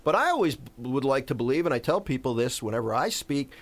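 A man's voice: mid-range voice, big pitch swings, fast talker. A man co-hosting a radio talk show from a studio, telling stories earnestly. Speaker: radio co-host.

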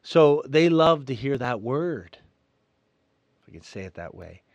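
Earnest middle-aged man, sermon-style talk, emphatic then hushed, dry studio sound. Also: medium pitch, very animated, a little slow, dry recording, dull audio. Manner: earnest, emphatic, swings between loud and soft. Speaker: Catholic radio host. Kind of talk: spoken reflection, sermon-like.

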